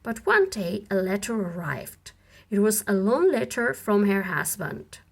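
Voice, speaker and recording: Brief: woman audiobook narrator, clear deliberate storybook reading, slow, animated. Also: medium pitch. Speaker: audiobook reader.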